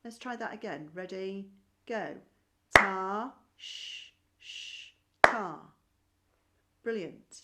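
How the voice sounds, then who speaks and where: A woman teaching a primary school music lesson online, patient and encouraging, clapping and chanting rhythm syllables. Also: mid-range voice. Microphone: screen-shared video call.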